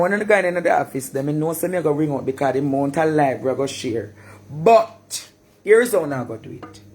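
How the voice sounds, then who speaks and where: A man from Jamaica with a Jamaican accent, ranting animatedly on a live stream, repeating words and bursting into shouts. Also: mid-range voice, slight background noise. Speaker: social media personality.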